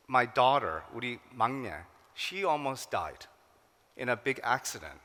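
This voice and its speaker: A man's voice: mid-range voice, very animated, brisk, pushed and bright. A middle-aged American man telling personal stories at a forum, slipping in Korean phrases and acting out quoted voices. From United States. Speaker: keynote speaker. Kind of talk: forum talk. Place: large hall. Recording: reverberant hall.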